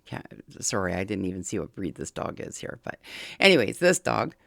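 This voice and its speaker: This dog behavior commentator reacts to a video clip, earnestly pleading with viewers and circling back to key points through frequent restarts and fillers. The voice is deep, very animated and fairly quick, with vocal fry and a fairly bright tone, recorded dry in studio quality.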